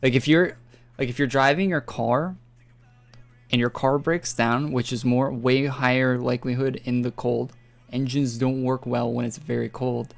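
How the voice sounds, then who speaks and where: On a gaming live stream, a young man from northern Alberta, Canada, chats loosely, rambling and dropping casual swears. His gravelly mid-range voice shows little pitch movement and keeps a moderate pace, with faint music behind him.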